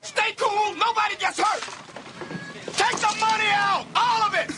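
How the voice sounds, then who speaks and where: An aggressive male robber, barking threats, high tense voice, very noisy movie audio. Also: measured pace. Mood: menacing. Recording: noisy movie clip played back.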